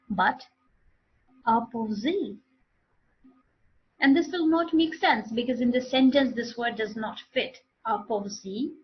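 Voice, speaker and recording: Husky woman teaching English online. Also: on the high side, lo-fi sound. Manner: explanatory, repeats and restarts phrases. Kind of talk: online class lecture.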